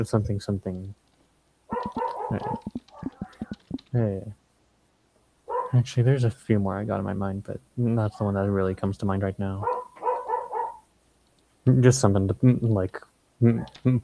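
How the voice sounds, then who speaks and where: A man's voice: lowish voice, flat delivery, normal speed, creaky, pauses often, heavy background noise. A man playing in a tabletop role-play, explaining his ideas in a rambling way with many fillers. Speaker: player. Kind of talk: casual table talk.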